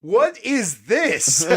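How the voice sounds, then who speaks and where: A man hosting a casual late-night podcast chat over a video call. He sounds a little high and tired, laughs often and swears a lot. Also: a bit bright. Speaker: podcast host.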